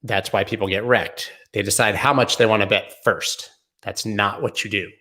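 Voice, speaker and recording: Gravelly-voiced man hosting a joking livestream. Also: on the low side, steady tone, normal speed, pushed and bright. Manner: joking, riffing, answering viewer comments. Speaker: host. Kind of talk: casual livestream chat.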